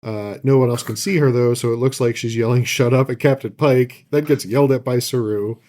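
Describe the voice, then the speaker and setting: A man's voice: medium pitch, a little fast. A man co-hosting a podcast, casually recapping a show's plot with plenty of ums and uhs. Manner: relaxed, loose plot recap with many fillers. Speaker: podcast co-host recapping an episode. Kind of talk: casual chat.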